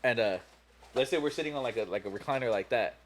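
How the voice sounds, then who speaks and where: A man's voice: medium pitch, fast. A young man hosting a podcast, telling a long story casually, profane and laughing as he goes. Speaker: podcast host.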